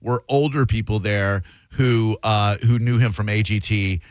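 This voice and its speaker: A male radio host telling a story on air, animated and doing voices for the people in it. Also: lowish voice, a little slow, clear, resonant tone, no room sound. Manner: animated, does voices in his stories. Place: radio studio.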